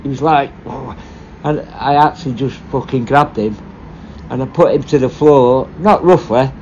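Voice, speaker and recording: A former prison officer telling stories casually, blunt and full of swearing, rambling and restarting. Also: male voice, medium pitch, moderate pace, a little mellow, lo-fi sound, a little hiss or hum. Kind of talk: casual storytelling.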